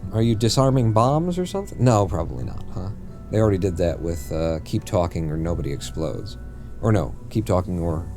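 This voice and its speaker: Low-voiced guy streaming a game, rambly and jokey, keeps fixing what he just said, bit of music in the back. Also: dark tone. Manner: rambling, jokey, often corrects himself mid-sentence. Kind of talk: casual live-stream chat while playing.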